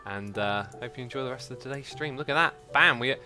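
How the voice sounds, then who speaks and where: A man hosts a live gameplay stream in a bright, forward voice. He chats as he plays, thinking aloud and perking up at chat messages. Faint music runs underneath. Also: mid-range voice, a little fast, hardly any pauses. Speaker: livestream host.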